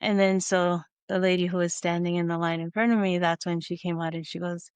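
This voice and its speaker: A middle-aged woman talks through a podcast story, wandering off and circling back as she goes. Her voice sits a little low, and the sound is close and dry with no room around it. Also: level tone, fairly quick, smooth, dry recording. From Hawaii. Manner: storytelling, meandering with restarts. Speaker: podcast host. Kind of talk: casual solo podcast talk.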